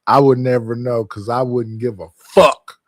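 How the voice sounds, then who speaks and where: A man's voice: mid-range voice, steady tone, a little slow, dry recording. A man hosts a casual livestream and talks in a blunt, joking way that is full of swearing. His voice sits in the middle range. The sound is dry and close. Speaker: streamer hosting a group call.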